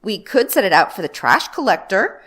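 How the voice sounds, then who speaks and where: A woman's voice: mid-range voice, big pitch swings, normal speed, a bit bright, husky. A woman voicing an earnest, practical boy twin who keeps proposing ideas.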